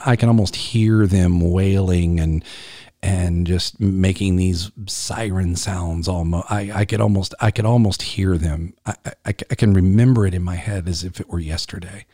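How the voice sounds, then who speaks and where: A middle-aged man hosting a podcast, telling a personal story earnestly and haltingly, often repeating words as he recalls it. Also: low voice, warm tone, dry recording, studio quality.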